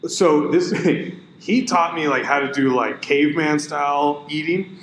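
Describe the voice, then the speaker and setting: A man co-hosting a casual podcast, telling an animated story and quoting his buddy. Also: fairly high pitch, a little slow. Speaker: podcast co-host. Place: gym room. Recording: echoey room with faint noise.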